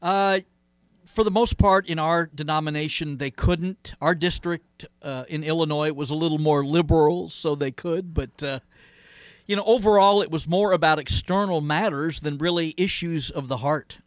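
A man's voice: on the high side, moderate pace, dry recording. A man, a pastor, telling stories and explaining his faith as an interview guest, earnest, with many "uh"s and "you know"s. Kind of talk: interview guest, reflective storytelling.

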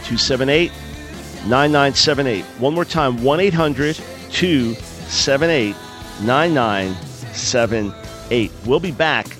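A man's voice: medium pitch, takes it slowly, music in the background. A man hosting a radio talk show, preaching earnestly and pleading with listeners, with small stumbles and repeated words. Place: radio studio. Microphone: studio microphone.

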